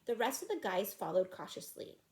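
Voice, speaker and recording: A woman reading a children's chapter book aloud in an expressive, animated way. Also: medium pitch, brisk. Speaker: reader.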